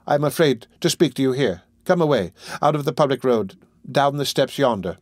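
A man's voice: mid-range voice, lively intonation, fairly quick, no echo, natural voice. Fearful young woman full of dread, read by a male narrator, dry close audiobook sound. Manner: urgent, fearful pleading.

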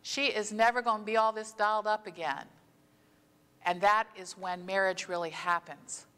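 Woman pastor, plain mid voice, chatty preaching that slows for emphasis; sanctuary echo. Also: mid-range voice, steady tone, fairly bright tone, clean tone. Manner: conversational storytelling preaching; slows down to stress key phrases. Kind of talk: sermon. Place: church sanctuary. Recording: long church reverb.

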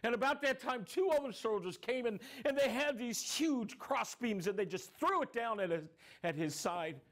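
A man's voice: very high-pitched, lively intonation, moderate pace, fairly bright tone. A man playing a grieving younger brother who tells, in a first-person dramatic monologue, how he watched his brother suffer, his telling rising into anguished cries. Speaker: dramatic storyteller.

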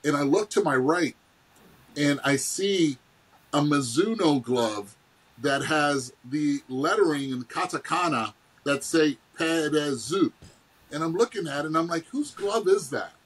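A middle-aged man with a husky, slightly high voice tells stories as a podcast guest. He is animated and acts out every quote, leaping up in pitch and laughing at himself. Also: a little slow, rough recording. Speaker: guest, former baseball player. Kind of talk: casual storytelling.

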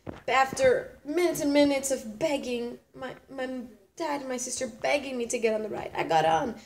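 A young woman of nineteen talks to camera in a relaxed, bubbly vlog style. She rambles and restarts her sentences as she goes. Her voice sits a little high, with a faint hiss of noise under it. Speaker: vlogger. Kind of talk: casual vlog chat.

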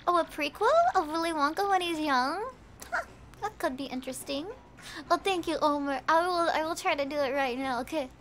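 A woman's voice: high voice, normal speed, a bit bright, slight background noise. A woman streaming a video game, chatting casually with her viewers, swearing and laughing often. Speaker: VTuber streamer. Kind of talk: casual gameplay commentary.

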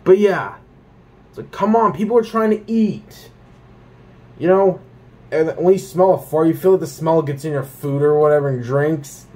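In a fairly high-pitched voice at a normal speed, a young Canadian man vlogs a casual rant about things he can't stand. It's animated and profane, full of swearing and filler words like "like" and "um."

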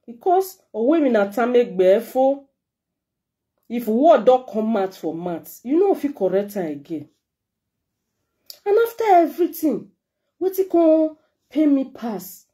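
A woman's voice: a little high, very animated, unhurried, pauses often, mellow. A middle-aged woman with a Nigerian accent, giving a heartfelt, emotional message to her followers as a vlogger. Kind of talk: emotional direct-to-camera message.

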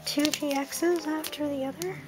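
A young woman in her twenties from the United Kingdom, murmuring card names one by one in a soft list and reacting with small bursts of excitement as she opens packs. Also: sits high, normal speed, over music, poor audio. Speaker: card-opening vlogger. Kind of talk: casual card-opening commentary.

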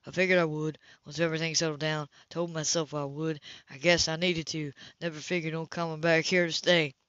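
A reader voicing a hot-tempered grown man who talks in a gruff, blunt, swearing way, in a dull lo-fi recording. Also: a little high, little pitch movement, fairly quick, fairly bright tone, no room sound, lightly acted. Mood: subdued. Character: angry rough-edged grown man, hot-tempered brother.

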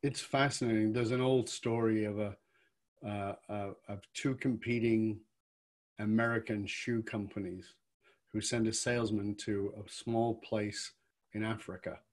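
A man hosts an interview, speaking conversationally and with a brisk, animated pace when he tells a story. He moves easily from anecdote to direct questions. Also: on the low side. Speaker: podcast host, interviewer.

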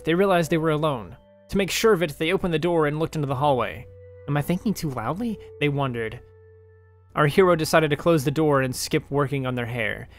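Male storyteller-host, a touch high-pitched, animated casual narration.

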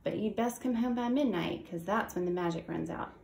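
A woman's voice: fairly low pitch, fairly quick, gravelly, a little mellow, roomy sound, low-quality recording. A woman reading as a homespun fairy god cow. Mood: encouraging. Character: kindly magical fairy god cow, female.

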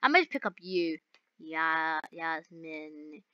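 A young woman playing a game and chatting to her viewers, bubbly and giggly, with excited outbursts. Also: low voice, slow, dry recording, muffled recording. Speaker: gaming YouTuber. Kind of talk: excited gameplay commentary.

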